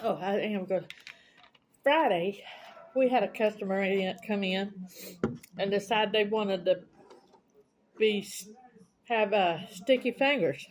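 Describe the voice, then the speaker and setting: A woman's voice: mid-range voice, a little hiss or hum. A woman with a Southern US accent, chatting casually as a vlogger and bluntly retelling an argument, quoting both sides. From United States. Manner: blunt, indignant, retells arguments with quoted dialogue. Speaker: mukbang vlogger. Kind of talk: casual storytelling chat.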